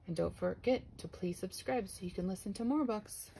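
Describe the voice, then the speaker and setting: A woman reading a children's book aloud, steady and clear, then talking to her viewers. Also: medium pitch, normal speed, a little hiss or hum. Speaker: storybook reader. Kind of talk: children's read-aloud narration.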